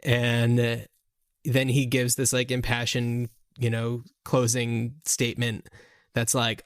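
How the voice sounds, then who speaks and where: Man, podcast co-host, casual chat, animated retelling, mid pitch, dry close sound. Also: takes it slowly, dry recording. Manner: animated plot retelling with many "like"s.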